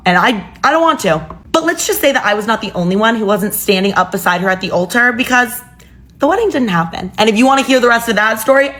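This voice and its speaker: A woman's voice: mid-range voice, fairly bright tone. A young woman telling a personal story in a casual, chatty way with exasperated asides.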